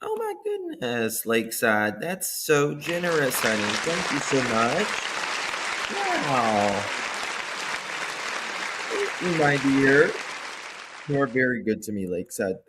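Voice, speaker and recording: A man hosting a livestream, chatting casually, thanking viewers by name and commenting with animated asides. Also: mid-range voice, unhurried, a loud crowd, very noisy. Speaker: livestream host. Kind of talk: casual true-crime commentary chat.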